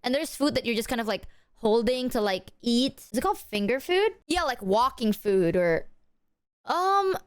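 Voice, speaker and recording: A woman's voice: fairly high pitch, expressive, moderate pace, clear, resonant tone. A young adult woman streaming casually, rambling with lots of fillers, swearing and talking to her chat. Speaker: VTuber streamer.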